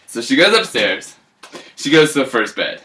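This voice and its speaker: A man's voice: medium pitch, very animated, moderate pace, pushed and bright, a little hiss or hum. A man casually retelling a fairy tale, rambling with joking asides.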